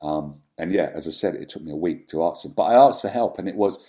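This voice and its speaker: Speaking as an interview guest, a Londoner with a deep, dark, mellow voice opens up candidly about his past. He's reflective and halting, often trailing off into ums and starting over, and his unpolished, personal delivery is still animated.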